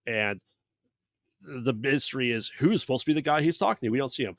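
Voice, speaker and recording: A man's voice: medium pitch, lively intonation, a little fast, dry recording, studio quality. A man co-hosting a podcast, recapping a bad movie in loose casual chat and acting out characters' lines along the way. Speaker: podcast co-host.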